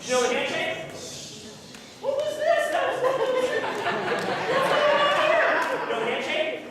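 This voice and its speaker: A man's voice: very high-pitched, fast talker, a loud crowd. A man playing a rowdy backwoods bobcat mountain man at a scout ceremony, hammy and teasing, recorded from far off in an echoey hall. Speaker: costumed ceremony character.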